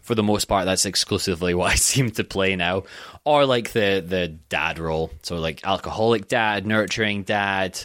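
A man's voice: deep voice, normal speed, a bit bright, no echo, clean studio sound. A young man from Scotland, a guest on a podcast, chatting casually and joking at his own expense, with plenty of swearing. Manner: joking, self-deprecating, sweary. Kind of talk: casual chat.

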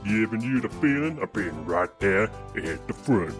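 A man's voice: fairly low pitch, animated, a little slow, faint music behind. A man voicing a boastful, washed-up male country singer in a spoof radio advert, with folksy salesman patter. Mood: hammy pitch.

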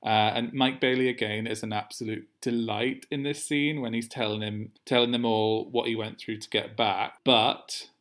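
A man co-hosting a podcast, recapping a TV episode in casual chat, animated and quick to laugh. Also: medium pitch. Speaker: podcast co-host.

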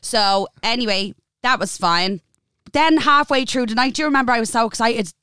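Young irish woman rattling off a story, smooth clear voice, dry room. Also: fairly high pitch, moderate pace, dry recording. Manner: animated storytelling with acted-out dialogue. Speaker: podcast co-host. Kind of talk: casual chat.

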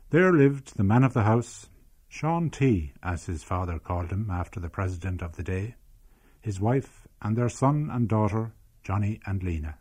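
Older Irish male narrator, low-ish, reflective, poetic documentary read. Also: mellow. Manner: lyrical, reminiscent. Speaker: documentary presenter. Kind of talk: scripted narration.

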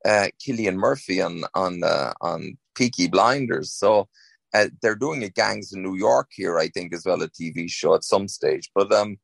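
A man's voice: deep voice, moderate pace, gravelly, no echo. An Irish man, an actor, chatting in an interview, rambling with many restarts. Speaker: actor, guest. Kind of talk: casual interview chat.

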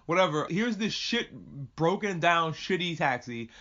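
A man hosting a podcast, recapping a show in a casual rant, profane and animated, drifting off on tangents. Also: fairly high pitch, fast, dull audio. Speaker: podcast host.

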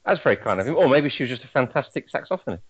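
A man co-hosting a podcast in casual chat, teasing and quick to apologise. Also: mid-range voice, animated, slightly rough, muffled recording. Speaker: podcast co-host.

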